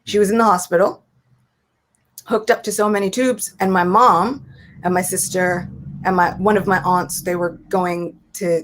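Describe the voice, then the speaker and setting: A young woman guest in casual spiritual talk, telling a family story with lively acted-out voices. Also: on the low side. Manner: animated storyteller, acts out quoted voices. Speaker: guest speaker.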